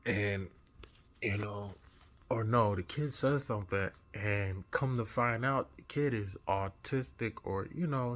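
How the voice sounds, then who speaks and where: A man who has just woken up, earnestly retelling a dream in a vlog with an animated manner. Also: mid-range voice. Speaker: vlogger. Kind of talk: recounting a dream.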